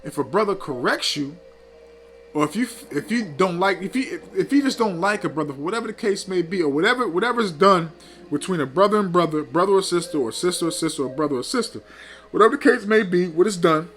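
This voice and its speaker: A man's voice: high-pitched, expressive, fast talker, a bit bright. A man teaching scripture in a scolding, preachy way, often tagging lines with "man" and "okay". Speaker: teacher of a religious group.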